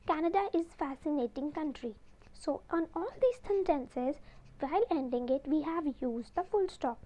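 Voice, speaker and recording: A woman's voice: high-pitched, warm tone, poor audio. A woman teaching an exam-prep lesson from slides, explaining step by step. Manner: explains step by step, repeats "then we have".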